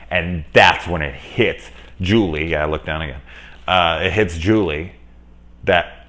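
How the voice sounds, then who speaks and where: A man talking casually through a movie review, rambling, correcting himself, and getting lively when he retells scenes. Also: low-pitched, unhurried. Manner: rambling, conversational, self-correcting. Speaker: film reviewer.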